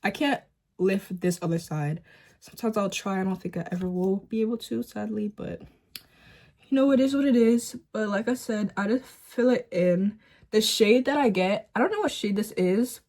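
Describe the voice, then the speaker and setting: A woman's voice: medium pitch, normal speed. Chatty teenage girl doing her makeup. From Boston area, US. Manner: chatty, rambling, full of "like" and "um". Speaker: beauty vlogger. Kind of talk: casual chat while doing makeup. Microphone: phone camera at close range.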